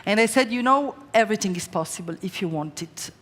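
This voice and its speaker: Chatty chef woman in a reverberant hall. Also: medium pitch. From Slovenia. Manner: chatty, fast storytelling with lively quoted voices. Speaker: chef giving a stage cooking demonstration. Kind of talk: live cooking demonstration and talk. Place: large event stage with audience. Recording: long hall reverb on stage.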